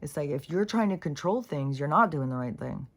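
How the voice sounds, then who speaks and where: A woman's voice: sits low, expressive, fairly quick. A middle-aged woman talking in a casual, meandering monologue, full of fillers, restarts and frequent swearing. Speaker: spiritual vlogger.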